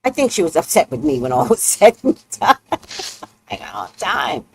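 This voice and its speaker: A woman's voice: mid-range voice, normal speed, gravelly. A woman hosting a casual livestream, telling stories bluntly and outspokenly, laughing often as she goes. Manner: animated storytelling with laughs. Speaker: host.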